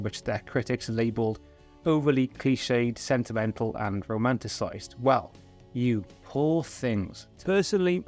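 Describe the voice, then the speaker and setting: Sardonic welsh guy ranting about a movie, swears a lot, mid pitched voice. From Wales. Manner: sarcastic, profane, mocking. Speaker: film commentary host. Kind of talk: sardonic commentary.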